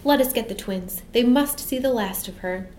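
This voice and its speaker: A woman's voice: a little high, normal speed, a little mellow, voice pushed up, natural voice. A level-headed little girl from a storybook, as a woman reader puts her on, speaking in a plain, earnest way. Her tone is steadying and sensible, with a faint hiss in the room.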